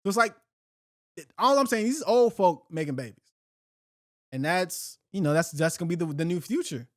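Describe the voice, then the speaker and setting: A man's voice: high-pitched, expressive, normal speed, dry recording, studio quality. A middle-aged man hosting a podcast, ranting in a heated, profane, rambling way with slang and restarts. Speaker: podcast host. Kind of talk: unfiltered solo talk.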